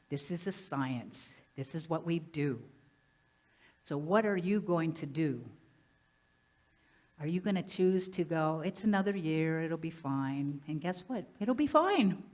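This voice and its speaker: Lively, low-voiced woman minister preaching. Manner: lively, conversational preaching with questions to the congregation. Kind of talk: sermon. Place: church sanctuary.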